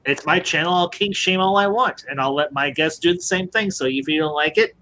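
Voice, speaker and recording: A man's voice: fairly high pitch, fairly quick, pushed and bright, slight background noise. A man hosting a casual live-stream review chat, joking around, laughing often and greeting viewers.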